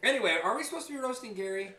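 A man co-hosting a casual podcast, telling stories loudly and swearing freely. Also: sits high, very fast, roomy sound. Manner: loud animated storytelling, swears freely. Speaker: podcast co-host. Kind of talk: casual chat.

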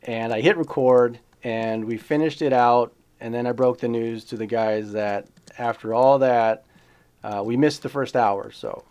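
Male podcast co-host, mid-pitch, slow, easygoing with lots of fillers. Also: steady tone, darkish tone. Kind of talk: casual podcast chat. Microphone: remote recording setup.

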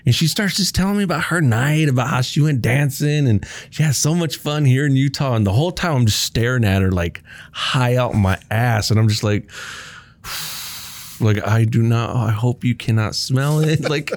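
A man's voice: mid-range voice, moderate pace, no room sound. A young man casually telling a story in chat, laid-back and swearing often.

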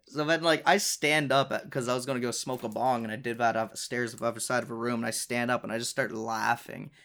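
A man's voice: medium pitch, steady tone, fast talker, a bit bright. A young man hosting his own podcast, telling a personal story in a casual, profane, exasperated way, with frequent laughs between lines. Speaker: podcast host.

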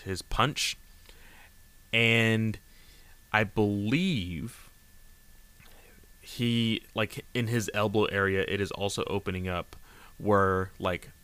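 Low-voiced man for a casual, rambling comic recap, filler-heavy, close dry mic. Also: fairly bright tone, clean tone, dry recording. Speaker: manga recap vlogger.

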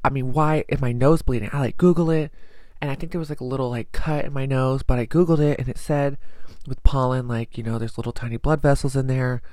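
Young male vlogger, chatty and anxious, dry recording, mid-pitched. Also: steady tone, fast talker, dark tone, no room sound. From American South. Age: young adult. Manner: chatty, rambling, self-deprecating, anxious. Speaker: vlogger, student teacher. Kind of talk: casual chat.

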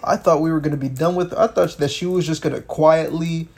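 A man co-hosting a casual political commentary podcast, animated and swearing, with many stumbling restarts. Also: fairly high pitch, a little fast. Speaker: podcast co-host.

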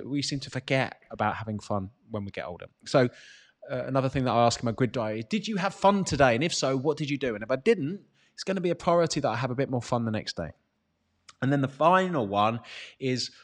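A man in his thirties with a British accent, giving a casual motivational talk as a fitness coach, blunt and energetic with free swearing. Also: fairly high pitch.

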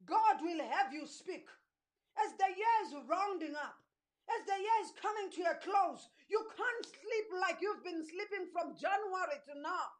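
A woman preaching an impassioned sermon, urging her listeners with repeated calls and rising shouts, her voice going hoarse. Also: extremely high pitch, expressive, measured pace.

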